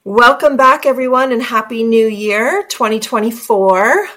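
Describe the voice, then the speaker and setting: A woman hosting a podcast, reading an earnest introduction and then chatting with her guest, emphatic and quick to laugh. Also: a little high, a bit bright, faint music behind. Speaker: podcast host. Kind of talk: scripted intro then casual interview.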